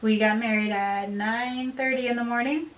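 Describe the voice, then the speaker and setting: A woman vlogger chatting casually to the camera at home, upbeat and quick to laugh. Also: fairly high pitch, fairly even intonation, fairly bright tone, lo-fi sound. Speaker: vlogger, bride. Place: home room by a desk. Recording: roomy, distant mic with faint hiss.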